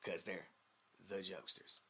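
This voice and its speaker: Male podcast co-host, bright tone, lively casual storyteller who acts out quotes. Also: low-pitched, normal speed, slight background noise. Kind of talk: casual chat.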